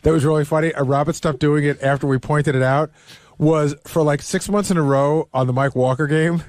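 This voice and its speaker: A man talking through a point in quick, measured chat. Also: on the high side, steady tone, a little mellow, no echo, studio quality.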